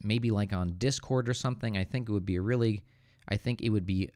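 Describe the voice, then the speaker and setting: American male teacher host, lowish voice, dry sound, hesitant live Q&A. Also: brisk, darkish tone, dry recording. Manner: hesitant, thinks aloud with restarts. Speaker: English teacher hosting a livestream. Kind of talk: casual livestream Q&A.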